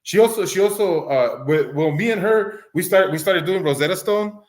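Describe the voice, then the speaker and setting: A man's voice: sits high, animated, moderate pace. A man whose first language is Spanish, chatting casually as a podcast co-host, rambling with many restarts and acting out voices. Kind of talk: casual chat. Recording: roomy echo.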